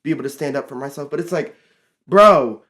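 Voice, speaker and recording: A young man in his teens telling a storytime vlog in a casual, animated, exasperated way, full of fillers like "like" and "bro". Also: medium pitch, racing. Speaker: vlogger.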